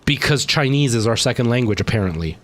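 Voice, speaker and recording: Speaking quickly in an animated, medium-pitched voice with a slightly bright tone, a Canadian gamer chats with his live stream viewers. He sounds tired, rambling casually as he talks to chat mid-game.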